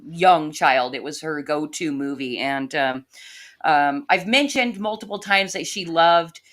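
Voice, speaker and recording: A woman with a fairly low voice co-hosts a casual conversation. She tells personal stories in an animated, expressive way, often slipping into other people's voices as she quotes them. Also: unhurried. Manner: animated anecdote-telling, acting out quoted voices. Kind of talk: casual livestream chat.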